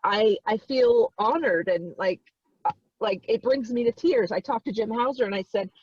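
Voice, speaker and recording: A woman's voice: on the high side, moderate pace, husky, dry recording. A woman volunteer genealogist speaking on a video call, choked up and crying as she gushes and repeats herself. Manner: tearful, gushing, repeats herself. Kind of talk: emotional participant remarks. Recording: dull dry video call audio.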